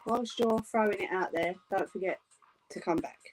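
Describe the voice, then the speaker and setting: A woman's voice: mid-range voice, normal speed, rough recording. A middle-aged British woman hosting a live craft stream from her home craft room, chatting, teasing and laughing with family off camera as she works. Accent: British English. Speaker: craft channel host.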